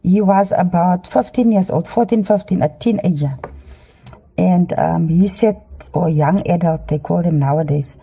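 A middle-aged woman recording herself on a handheld phone inside a car, earnestly sharing a dream with halting ums and preachy urging. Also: on the low side, vocal fry, mellow, slightly rough. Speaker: Christian dream sharer. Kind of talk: earnest testimony to a phone camera.

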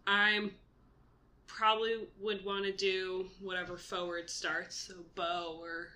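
A woman's voice: mid-range voice, level tone, slow, sharp tone. A young woman co-hosting a casual podcast, dry, teasing and unbothered. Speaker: podcast co-host. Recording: roomy echo.

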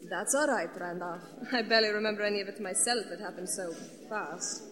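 An actress playing a worldly countess with a dry, teasing manner. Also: female voice, medium pitch, a little fast, a bit bright, big-room sound, close to an everyday voice. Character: sly, worldly female countess, cool and teasing.

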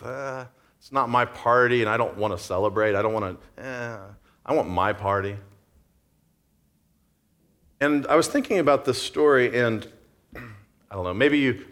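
A man's voice: medium pitch, a bit bright. A man preaching a sermon in a conversational way, acting out the story's scenes. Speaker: pastor.

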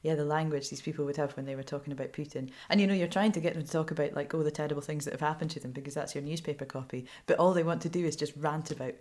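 Low-voiced Scottish woman journalist. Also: very fast, few pauses. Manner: animated and frank, laughs often. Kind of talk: candid interview storytelling.

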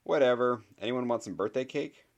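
A man's voice: mid-range voice, fairly quick, pitched above the performer's own voice, close to an everyday voice. A man voicing a tired eleven-year-old boy who speaks in a dull, resigned way. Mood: weary. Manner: dull, tired, flat delivery.

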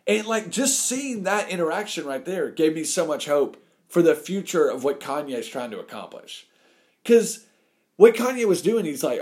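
Brief: man, casual opinion podcast, very animated delivery, wide pitch swings, acts out quotes. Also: moderate pace.

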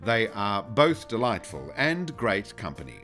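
A man hosting a podcast, who gives a scripted intro and then interviews a guest in a friendly, measured way. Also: on the low side, sing-song, sharp tone, soft background music. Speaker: podcast host.

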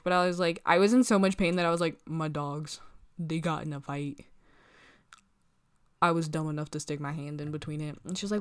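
A woman's voice: lowish voice, a little fast, clear, resonant tone. A young woman telling a long story in casual chat, rambling, saying "like" constantly, swearing and acting out what other people said. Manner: rambling, peppered with "like" and swearing, acts out quoted people. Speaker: vlogger.

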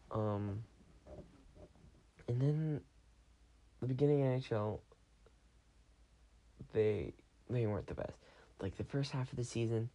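A tired young man with a fairly low, dark voice hosts a podcast in a rambling, casual monologue. His talk is chatty, and he often corrects himself.

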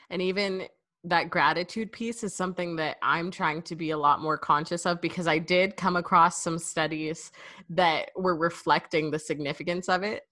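A woman's voice: sits low, sharp tone, no echo, studio quality. A woman from Canada hosting a podcast, chatty and enthusiastic. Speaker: podcast host. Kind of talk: casual podcast conversation.

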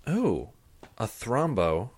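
A man's voice: medium pitch, huge pitch swings, drawn-out words, a little mellow, husky. A man co-hosting a podcast, casually explaining and analysing points in conversation. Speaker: podcast co-host. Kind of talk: casual chat.

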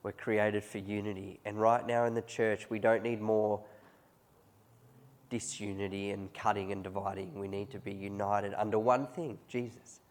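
A man's voice: on the low side, little pitch movement, moderate pace. A man preaching a conversational sermon, often chuckling as he tells stories to his congregation. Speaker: pastor.

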